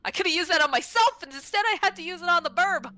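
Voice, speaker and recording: Outraged high-voiced woman player. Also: lively intonation, quick pace, bright, forceful tone. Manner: exasperated, outraged. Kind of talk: tabletop role-play.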